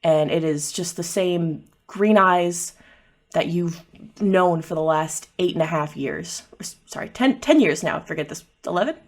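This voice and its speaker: Woman game master; lowish, casual narration. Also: measured pace. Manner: casual, lots of fillers.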